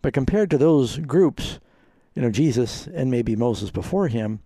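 A man's voice: mid-range voice, animated, unhurried, dark tone, breathy edge, no room sound, clean studio sound. A man hosting a radio call-in program as a pastor, explaining Bible passages to callers in an easygoing way.

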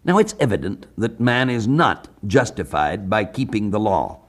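A man from the United States preaching a sermon on a Bible passage, measured, slowing down to read scripture aloud. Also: lowish voice, sing-song. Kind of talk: radio sermon, Bible exposition.

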